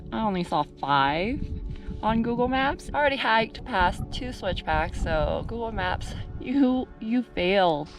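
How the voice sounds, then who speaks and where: A young woman vlogging while hiking a mountain trail, chatting playfully to the camera with plenty of fillers, at times out of breath. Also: mid-range voice. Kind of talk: casual vlog while hiking.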